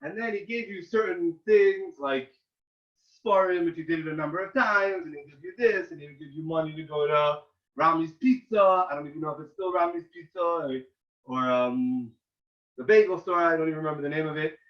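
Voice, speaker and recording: A man, a rabbi, giving an informal talk to yeshiva students and telling animated stories in which he loudly acts out the quoted lines. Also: a little high, a little fast. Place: room at a yeshiva. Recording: roomy, distant and dull.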